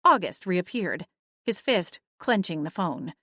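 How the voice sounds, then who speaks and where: A woman reading first-person audiobook narration in a steady storytelling manner. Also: on the low side, unhurried, dry recording, studio quality.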